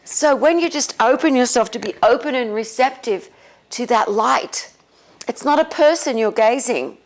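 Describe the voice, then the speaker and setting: A woman spiritual teacher talking casually and leading a guided meditation, relaxed and often laughing. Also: a little high. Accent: non-American English. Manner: slow, relaxed, with frequent laughs.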